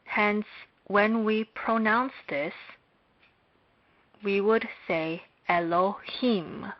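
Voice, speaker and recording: A woman giving a slow, scripted lecture on Hebrew, speaking in a measured, deliberate way with long pauses. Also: mid-range voice. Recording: dull lo-fi recording.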